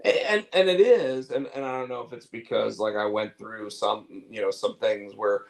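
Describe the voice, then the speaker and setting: A man's voice: on the low side, normal speed, vocal fry, low-quality recording. Rambling candid man chatting. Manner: rambling, repeats words and fillers; candid, swears casually. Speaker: podcast co-host. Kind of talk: casual chat.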